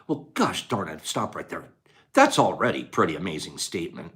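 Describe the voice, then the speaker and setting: Older male host, casual and folksy, very animated intonation, flips from hushed to booming. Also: fairly quick. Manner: swings between quiet musing and loud rhetorical outbursts; folksy, says gosh darn and dude. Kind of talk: casual talk on a quote.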